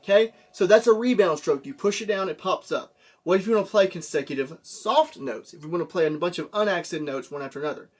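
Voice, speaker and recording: A man's voice: sits high, quick pace, faint music behind. A man teaching a drum lesson, explaining step by step and checking in with "okay?" and "right?". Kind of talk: classroom lesson. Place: room with a drum. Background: drum hits.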